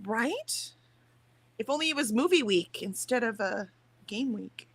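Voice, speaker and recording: A woman's voice: on the high side, lively intonation, measured pace, fairly bright tone, husky, no echo. Chatty Southern woman reading stream chat. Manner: chatty, laughs easily, reads chat aloud. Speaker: stream co-host. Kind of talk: casual chat. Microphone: headphones with mic.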